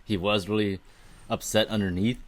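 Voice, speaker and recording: A man's voice: lowish voice, steady tone, moderate pace. Man, thirties, podcast co-host, supportive, thoughtful replies. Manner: supportive listener, reasoned replies. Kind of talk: casual podcast chat.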